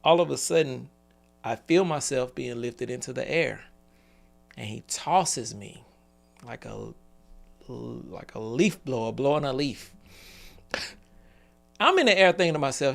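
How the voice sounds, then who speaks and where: Guy in his 40s, gravelly voice, earnest motivational storyteller, chuckles as he goes. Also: mid-range voice, expressive, unhurried, long pauses, a bit bright. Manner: storytelling, earnest, laughs between points. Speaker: business speaker. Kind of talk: motivational talk on a live call.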